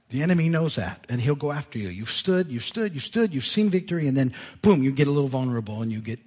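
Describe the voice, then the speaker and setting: A man preaching to his church, retelling scripture with lively asides. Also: on the high side, breathy edge. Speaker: pastor. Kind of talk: sermon. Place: church sanctuary.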